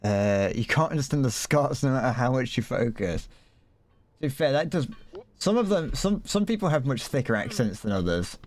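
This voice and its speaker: A man's voice: mid-range voice, big pitch swings, moderate pace, darkish tone. A man from England streaming a game, rambling to his viewers, stuttering and restarting often, swearing casually. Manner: rambling, profane, chatting to viewers while playing. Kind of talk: casual gaming stream chat.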